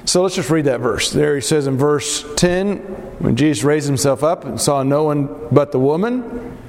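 A man's voice: fairly high pitch, moderate pace, darkish tone, in a large hall. A man leading a Bible study group, teaching earnestly and putting questions to the group.

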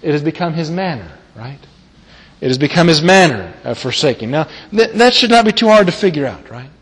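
A man's voice: fairly high pitch, very animated, a little fast. A man preaching a sermon, emphatic, who repeats key phrases and asks the listeners rhetorical questions. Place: church meeting hall. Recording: long reverb of a large hall.

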